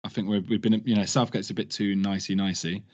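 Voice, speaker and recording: A man's voice: on the low side, little pitch movement, fast talker, darkish tone, slightly rough. A man hosting a casual hip hop podcast, rambling with fillers. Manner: laid-back, rambling with fillers. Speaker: podcast host. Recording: dull lo-fi sound.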